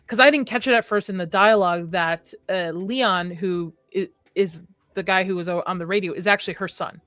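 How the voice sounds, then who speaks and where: A woman's voice: lowish voice, brisk, fairly bright tone, no echo. A woman hosting a casual live discussion stream, chatty and reading viewer comments aloud. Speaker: livestream host.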